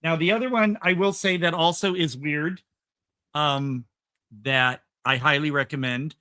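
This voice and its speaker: A man's voice: on the high side, steady tone, measured pace, sharp tone, a little hiss or hum. A man hosting a casual podcast chat, talking in an enthusiastic, rambling way with lots of "um"s and restarts. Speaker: podcast host.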